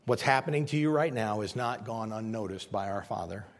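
A man's voice: on the low side, lively intonation, brisk, long reverb tail. A man pastor preaching a sermon, telling stories and emphatically repeating his key points.

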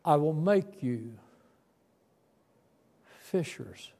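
A man's voice: fairly high pitch, expressive, very slow, gravelly, dark tone. A man in his seventies telling a tender, folksy story from his boyhood as part of a sermon. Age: 70s. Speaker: preacher.

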